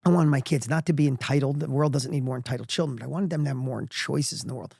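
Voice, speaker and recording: A middle-aged man telling a personal story as a podcast guest, energetic and emphatic, often restarting his sentences. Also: mid-range voice, fast talker, vocal fry, breathy edge, no room sound, studio quality.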